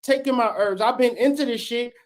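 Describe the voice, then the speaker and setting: Late-30s guy w a high voice, cussing a lot, preaching hard on his livestream. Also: a little fast. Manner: profane, fired-up and preachy. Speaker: livestream host. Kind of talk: unscripted livestream rant.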